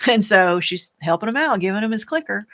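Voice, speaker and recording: A woman, a widow, talking candidly to the camera, soft-spoken and earnest, halting and searching for words with many fillers. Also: mid-range voice, animated. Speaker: widow sharing her experience. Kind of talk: candid personal talk to camera.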